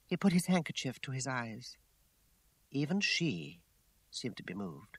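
A man giving a measured, dramatic first-person audiobook narration. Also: medium pitch, sing-song, a bit bright, husky, no echo. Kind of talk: scripted narration.

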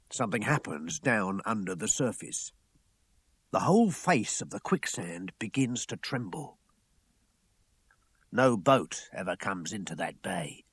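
A man narrating an audiobook at an unhurried pace, his husky voice swinging widely in pitch. He moves from fuller passages to hushed ones. The take is dry and close. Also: no echo. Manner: measured storytelling with expressive rises and hushed dips.

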